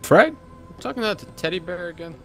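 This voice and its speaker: A man's voice: sits high, expressive, fast. A man teasing his friends in a casual Minecraft roleplay.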